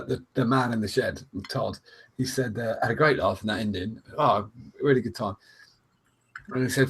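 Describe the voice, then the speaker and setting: British co-host, husky voice, jokey anecdote teller. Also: male voice, medium pitch. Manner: jokey storyteller, laughs a lot. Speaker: podcast co-host. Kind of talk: casual chat, anecdote telling.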